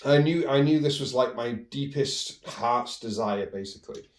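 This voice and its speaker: A man's voice: medium pitch, moderate pace, far from the mic. Male solo podcaster, rambling storyteller, echoey room sound. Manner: rambling, with many restarts and fillers. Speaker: podcast host. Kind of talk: personal storytelling monologue. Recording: roomy echo.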